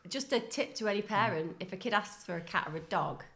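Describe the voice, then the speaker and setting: A woman's voice: mid-range voice, animated, fairly bright tone. A middle-aged woman co-hosting a podcast, telling stories in a chatty way and laughing often. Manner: chatty, storytelling, quick to laugh. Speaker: podcast co-host. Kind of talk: casual chat.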